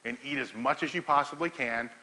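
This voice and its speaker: A middle-aged man giving a talk to an audience, telling a profane, laughing story in an animated way. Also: mid-range voice, fairly quick, rough recording. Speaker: powerlifting coach giving a talk.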